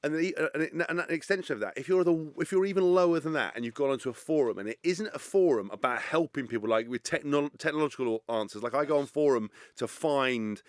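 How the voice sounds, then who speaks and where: Guy in his 30s, talks fast and blunt, swears a lot, dry close sound. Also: on the high side, no echo. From England. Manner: blunt, swears freely, animated storytelling. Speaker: podcast guest, former rugby player. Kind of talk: casual chat.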